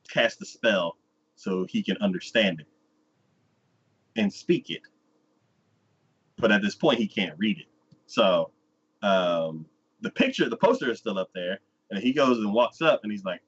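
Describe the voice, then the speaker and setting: A man's voice, fairly low and fairly bright with a breathy edge, comes through lo-fi audio. He hosts a casual anime review podcast, recapping an episode in a loose, rambling story and acting out the characters.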